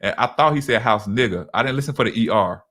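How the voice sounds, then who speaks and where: A man's voice: medium pitch, lively intonation, quick pace, a bit bright, slightly rough. A man in casual podcast chat, telling stories loosely with many restarts. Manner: loose, repetitive storytelling with frequent restarts. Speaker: podcast co-host.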